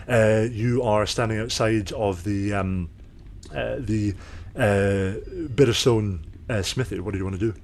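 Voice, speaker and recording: A man's voice: fairly low pitch, fairly even intonation, unhurried, darkish tone. A man narrating as game master of a tabletop game, rambling with many fillers.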